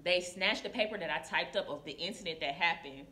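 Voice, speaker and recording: A woman nurse telling a story to camera in casual confessional style, animated and acting out her coworkers. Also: lowish voice, a little fast. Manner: animated, acts out coworkers' voices. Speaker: licensed practical nurse. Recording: echoey room.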